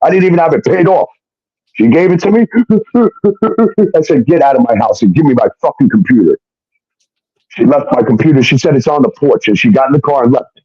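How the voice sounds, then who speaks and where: A man's voice: mid-range voice, a little fast, husky, dry recording, highs cut off. A man telling his own story in casual talk, swearing often and acting out what others said. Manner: profane, animated retelling with quoted dialogue.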